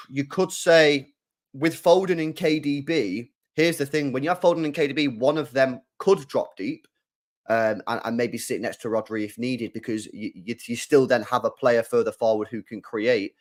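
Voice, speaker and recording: A young man hosting a live football watchalong, making his points emphatically and repeating them. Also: medium pitch. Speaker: host.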